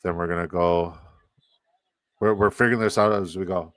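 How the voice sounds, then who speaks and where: Low-voiced Canadian man streaming live. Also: fairly even intonation, normal speed, no room sound. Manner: rambling, profane, reacting to chat. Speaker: fantasy football streamer. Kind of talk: casual live stream chat.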